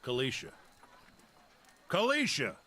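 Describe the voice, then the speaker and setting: A weathered, brusque caravan leader from a fantasy game. He talks in clipped, practical sentences with a folksy drawl and a lively, swinging pitch. He is impatient with anyone who slows him down. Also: heavily acted. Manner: terse, matter-of-fact, impatient. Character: gruff middle-aged male caravan leader, brusque and practical. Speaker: caravan guide in a video game. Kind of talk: voiced video game dialogue.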